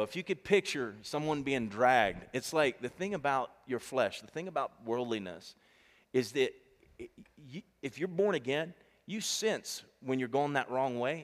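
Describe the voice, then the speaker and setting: A male pastor preaching a sermon to a congregation, animated and emphatic, calling out to the people. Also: mid-range voice, long reverb tail. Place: church stage before a congregation.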